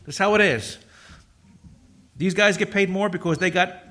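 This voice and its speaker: A man's voice: high-pitched, moderate pace, pushed and bright. A middle-aged male pastor preaching a sermon in a conversational, joking storytelling way, acting out quoted voices.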